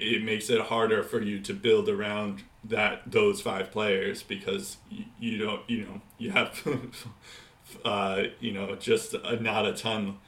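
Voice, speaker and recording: Male podcast co-host, chatty and halting, sharp lowish voice, roomy echo. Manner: rambling, many fillers and restarts, laughs often. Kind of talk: casual hockey podcast chat.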